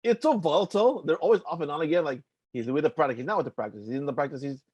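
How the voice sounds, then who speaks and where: A young man talks fast and loosely in a casual podcast chat, his voice pitched a little high. He rambles, piles up fillers and swears now and then. The sound is dry and close with no room around it. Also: darkish tone, breathy edge, no room sound. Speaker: podcast co-host.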